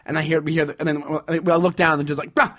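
A man co-hosting a podcast in casual chat, telling stories with lively acted-out quotes. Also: on the high side, racing. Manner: animated storyteller, acts out quotes loudly. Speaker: podcast co-host.

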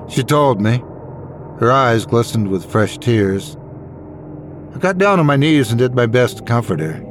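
A man reading a horror story aloud in a measured, suspenseful way. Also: mid-range voice, lively intonation, music in the background. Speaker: narrator. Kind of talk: scripted horror story narration.

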